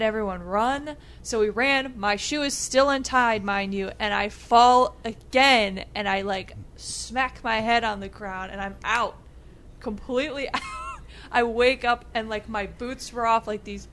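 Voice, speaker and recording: A young adult woman co-hosting a podcast, telling a story in casual chat, animated and laughing with lots of "like" fillers. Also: fairly high pitch. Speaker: podcast co-host.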